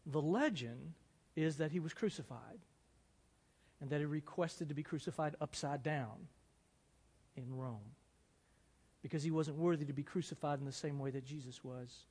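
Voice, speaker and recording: An earnest male preacher delivers a sermon with a slightly high voice. A long reverb from a church hall trails behind every phrase. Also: normal speed, a little mellow, slightly rough. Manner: earnest, rising to dramatic emphasis when reading. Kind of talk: sermon with dramatic reading.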